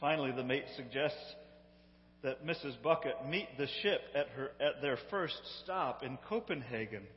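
Animated man retelling a story. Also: medium pitch, moderate pace, big-room sound, dull audio, slight background noise. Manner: animated, amused, conversational. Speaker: storyteller retelling a sitcom episode. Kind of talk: casual spoken retelling. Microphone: handheld phone.

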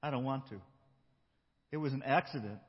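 A man's voice: medium pitch, moderate pace, big-room sound, lo-fi sound, voice pushed down, close to an everyday voice. A man voicing a sulky, defiant young boy who mumbles reluctantly.

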